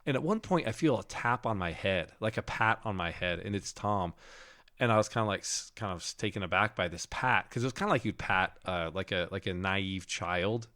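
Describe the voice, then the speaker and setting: A man telling a dream story on a podcast in an animated, casual way, full of "like" fillers. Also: sits low, brisk. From Denver area, USA. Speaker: podcast co-host.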